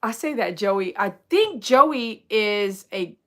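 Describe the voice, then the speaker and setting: A woman's voice: medium pitch, lively intonation, slow pace. A woman, a dog groomer chatting casually on a livestream, rambling and joking with her viewers as she reads their comments.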